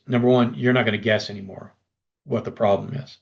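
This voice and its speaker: A man with a gravelly, fry-edged voice at a middling pitch presents a webinar pitch. He talks persuasively and addresses the listeners directly. The recording sounds dull and lo-fi. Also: steady tone, fairly quick.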